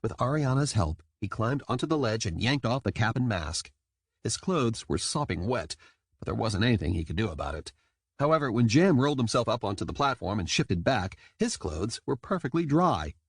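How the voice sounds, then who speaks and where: A man reading an audiobook in scripted narration, lively and quick to slip into character voices. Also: medium pitch, breathy edge, dry recording, studio quality.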